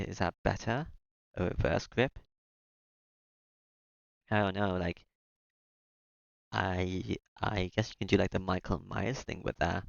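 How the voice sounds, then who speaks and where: A man's voice: sits low, fairly even intonation, slow pace, vocal fry, pauses often, dry recording, muffled recording. A man reading a visual novel aloud for a let's play, with casual, hesitant asides.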